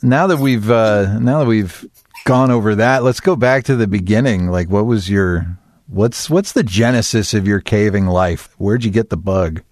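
A man hosting a casual interview, asking questions in a relaxed, curious way. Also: lowish voice, normal speed, dry recording. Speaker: podcast host.

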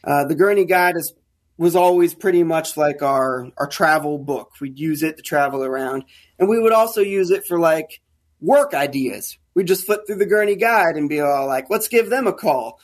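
Man, slightly high pitch, casual, animated storyteller, podcast guest. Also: normal speed. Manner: animated, acts out quoted dialogue. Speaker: guest, caver.

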